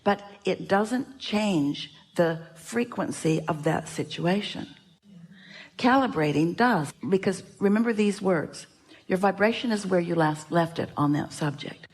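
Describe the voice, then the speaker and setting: A woman with a low, husky voice addresses a seminar audience in an emphatic, repetitive way. She speaks of herself as "we" and keeps coming back to the same point. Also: animated, unhurried. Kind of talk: inspirational seminar talk to an audience.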